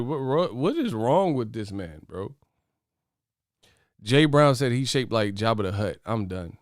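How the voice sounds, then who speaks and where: A man's voice: mid-range voice, expressive, a little slow, no room sound. Brash, trash-talking man on a dry mic. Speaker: host of a boxing commentary channel. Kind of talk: casual commentary to camera.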